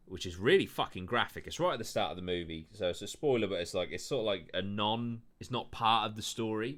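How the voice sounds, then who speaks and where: A man's voice: low-pitched, pushed and bright. A man hosting a podcast in casual, rambling chat, full of swearing and fillers. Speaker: podcast host.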